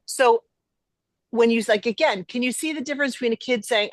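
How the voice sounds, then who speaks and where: Animated woman host, dry close sound. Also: a little high, brisk, no echo. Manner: emphatic, animated, acts out quoted voices. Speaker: podcast host. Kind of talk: conversational podcast teaching.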